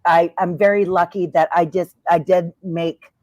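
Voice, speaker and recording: Talkative, expressive woman guest. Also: fairly low pitch, moderate pace, no room sound, muffled recording. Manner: talkative, expressive storyteller acting out quotes. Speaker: interview guest, former wrestler. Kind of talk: casual interview chat.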